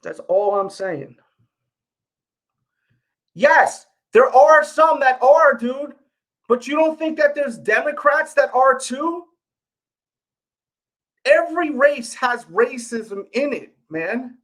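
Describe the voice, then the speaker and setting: A man with a strong New York accent hosts a casual livestream, talking straight to his viewers. His delivery is blunt and forceful and pushes back in an argumentative way. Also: very high-pitched, takes it slowly, low-quality recording. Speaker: livestream host.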